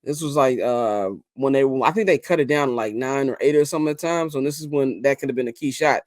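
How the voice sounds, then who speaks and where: A man's voice: medium pitch, a little fast, dry recording, clean studio sound. A man hosting a casual sports podcast, talking animatedly with fillers and restarts, then handing the floor to his co-hosts. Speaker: podcast host.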